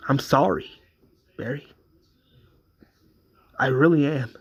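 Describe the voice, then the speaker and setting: Male detective father figure, halting, repeats himself, earnest, as a man puts him on, mid-pitched. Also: gravelly, husky, exaggerated voice. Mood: apologetic.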